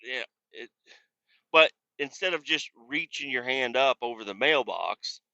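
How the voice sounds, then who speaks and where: A man's voice: mid-range voice, expressive, measured pace, creaky, bright, forceful tone, dry recording, muffled recording. A man telling a profane, exasperated story about a chaotic coworker in a casual, mocking rant. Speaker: industrial cleaning worker telling a work story.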